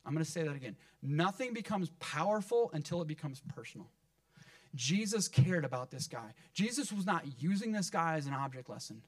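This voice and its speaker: Animated male preacher, slightly high voice. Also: fairly quick, no room sound. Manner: animated preaching, acts out quoted speech, swings from loud to hushed. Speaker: pastor. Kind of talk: sermon.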